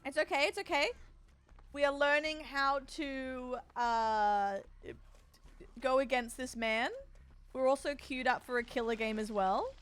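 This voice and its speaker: A young woman streaming a game, chatty and excitable, breaking into frightened screams. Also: sits high, a little slow, clean tone. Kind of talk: casual live-stream chat while gaming.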